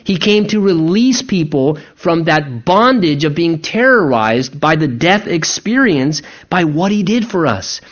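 A man's voice: a little high, a little slow, few pauses, dull audio. A male pastor preaching a sermon to a congregation, swinging his voice up and down for emphasis. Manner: animated preaching, voice rising and dropping for emphasis. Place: church sanctuary.

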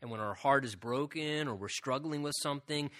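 A man's voice: medium pitch, brisk, sharp tone. A man preaching a sermon as a pastor, speaking earnestly and often repeating "again" and asking "right?".

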